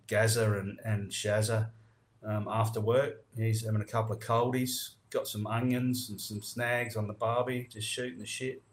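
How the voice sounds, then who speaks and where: A man with an Australian accent, hosting a podcast and explaining local slang in crude, laid-back casual chat. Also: on the low side. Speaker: podcast host.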